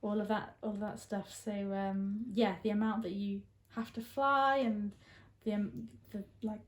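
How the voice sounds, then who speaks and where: An Englishwoman chats casually, laughing easily and stopping often for ums and restarts. Her voice sits in a middle pitch range. It is recorded in a roomy space with audible echo. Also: steady tone, measured pace. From England. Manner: chatty, laughs often, many fillers. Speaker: guest. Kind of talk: casual chat.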